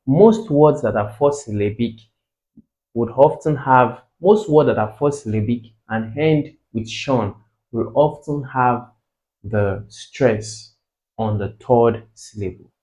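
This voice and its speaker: A man with a Nigerian English accent tutoring exam English, slowly repeating words to drill their pronunciation. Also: medium pitch, mellow, low-quality recording. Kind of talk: tutorial explanation.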